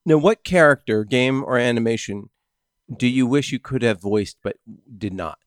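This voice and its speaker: A man's voice: mid-range voice, no room sound, clean studio sound. A man hosting a casual podcast, asking questions and teasing his guests. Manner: teasing, quick interviewer. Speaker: podcast host. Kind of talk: casual banter.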